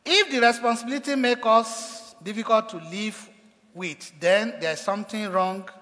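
A man's voice: high-pitched, moderate pace, pushed and bright. A man preaching a sermon as pastor, with emphatic delivery that acts out quoted cries with rising force. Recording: echoey hall.

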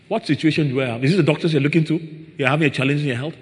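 A man's voice: a little high, very fast. A man preaching a sermon, often asking his listeners rhetorical questions. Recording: long reverb in a large hall.

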